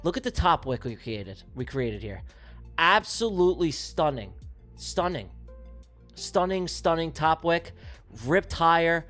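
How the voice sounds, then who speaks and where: A man's voice: fairly high pitch, big pitch swings, a little slow, fairly bright tone, faint music behind. A man hosting a live trading stream, venting and swearing as he talks his chat through a trade that went wrong. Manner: exasperated, venting, profane. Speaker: livestream trading host.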